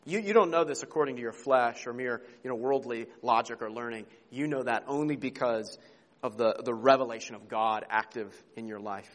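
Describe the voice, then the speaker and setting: The recording, made in a church sanctuary, has a long hall reverb. A man with a medium-pitched voice preaches briskly as pastor, earnest and emphatic, repeating words and asking rhetorical questions.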